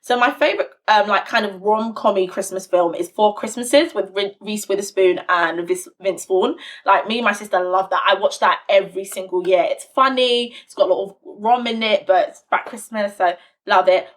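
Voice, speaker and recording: A woman's voice: medium pitch, normal speed, few pauses. A young woman, co-hosting a casual chat and telling stories animatedly. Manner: animated storytelling, quoting others in lively voices. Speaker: podcast co-host.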